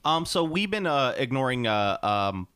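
A man's voice: mid-range voice, sing-song, normal speed, a bit bright, clean tone, dry recording, clean studio sound. A man co-hosting a podcast in casual chat, easygoing and a bit hesitant. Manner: easygoing, hesitant, short replies. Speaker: podcast co-host.

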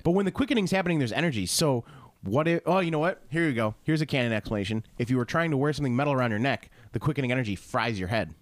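A man co-hosting a podcast, chatting casually and playfully, quick with jokes. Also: medium pitch, animated, no echo. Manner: playful, laughs a lot, jumps to quips. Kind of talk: casual chat.

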